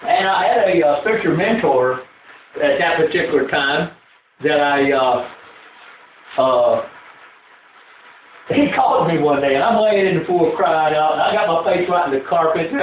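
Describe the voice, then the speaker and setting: A man with a high voice preaches to a congregation, swapping folksy stories for shouted exhortation. The sound is distant and boomy, with a thin, phone-like band and a faint hiss underneath. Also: lively intonation, moderate pace. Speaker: pastor. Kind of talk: sermon. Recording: echoey, distant, tinny phone-like audio with faint noise.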